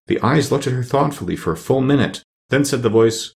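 A man's voice: medium pitch, lively intonation, fairly quick, vocal fry, few pauses, darkish tone. A man reading a storybook aloud, narrating expressively.

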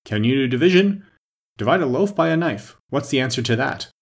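A fretful, muddled storybook queen who dithers and rambles in a high, fluttering voice, as a man reading aloud puts her on. Her pitch wanders widely, with a slightly husky texture. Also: expressive, brisk. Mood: fussy.

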